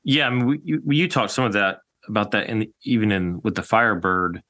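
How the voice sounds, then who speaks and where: A man hosting a podcast, thinking aloud in halting phrases as he asks questions. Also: on the low side, pushed and bright. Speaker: podcast host. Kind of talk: casual chat.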